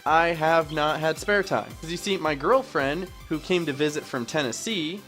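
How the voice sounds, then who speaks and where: A man's voice: a little high, normal speed, a bit bright, soft background music. A young man recording chatty Let's Play commentary as a gaming YouTuber, rambling and self-mocking as he jokes with his viewers.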